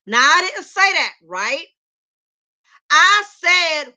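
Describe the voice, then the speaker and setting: A woman's voice: very high voice, very animated, takes it slowly, pauses often, sharp tone. A woman hosting a casual commentary, talking emphatically, repeating herself and calling on viewers by name. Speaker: commentary channel host.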